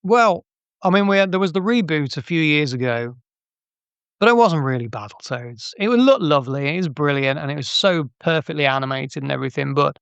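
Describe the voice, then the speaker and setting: A man's voice: fairly high pitch, animated, a little fast, creaky, fairly bright tone, smooth, no echo, highs cut off. Chatty man telling stories. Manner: chatty, anecdotal, frequent restarts and laughs. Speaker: interview guest, game artist. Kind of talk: casual interview storytelling.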